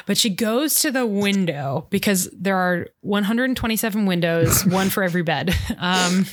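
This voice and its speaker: A woman hosting a podcast, retelling a TV scene in lively, laughing casual chat. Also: mid-range voice, moderate pace, no echo. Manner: animated, laughing, acting out scenes. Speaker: podcast host recapping a TV episode.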